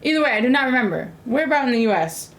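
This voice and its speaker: Talking very fast with big swings in pitch, a young American streamer chats with viewers as she cooks. Her voice is on the high side, and her casual talk is sassy, rambling and packed with fillers.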